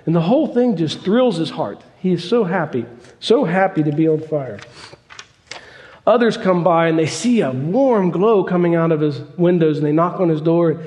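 Folksy storytelling preacher in a reverberant hall. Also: male voice, on the high side, normal speed, darkish tone. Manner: folksy, repetitive, emphatic. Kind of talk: storytelling sermon.

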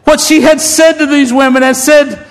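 Fervent high-voiced preacher. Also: male voice, fairly even intonation, normal speed. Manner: fervent, rising to shouts. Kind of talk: emotional sermon. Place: church. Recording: long hall reverb.

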